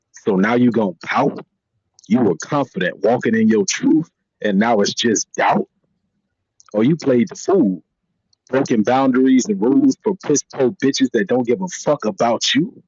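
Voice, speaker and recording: A man performing spoken-word poetry as a guest, in a put-on extra-deep voice that is blunt and profane. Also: a little slow, darkish tone, husky, dry recording. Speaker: guest poet. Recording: dull lo-fi stream audio.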